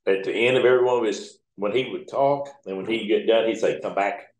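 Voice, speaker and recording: A middle-aged towboat captain telling rambling, folksy, profane stories in an oral history interview. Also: male voice, fairly low pitch, fast, darkish tone. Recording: roomy echo.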